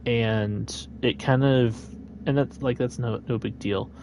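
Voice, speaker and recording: A man's voice: mid-range voice, steady tone, slow pace, darkish tone, a little hiss or hum. A man chatting his way through a live gameplay stream, meandering and thinking aloud.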